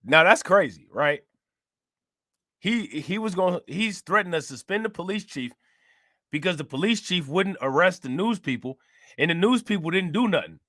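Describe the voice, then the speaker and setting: A man with a bright, forceful voice riffs on a news clip, laughing and mocking as he goes. The sound is dry and close, with a fairly high pitch for a man. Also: animated, moderate pace, no echo. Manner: loud, laughing, mocking banter. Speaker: show host reacting to a news clip. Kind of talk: casual reaction commentary.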